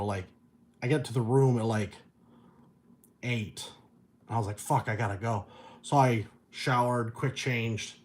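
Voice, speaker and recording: A middle-aged man chatting casually on a livestream, telling stories and reading viewer messages, loose and profane, chuckling often. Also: medium pitch. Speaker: vlogger reading viewer chat.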